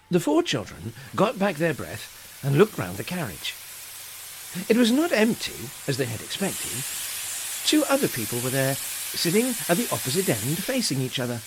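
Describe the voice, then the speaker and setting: Animated children's story narrator. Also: mid-range voice, moderate pace. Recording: hissy home recording.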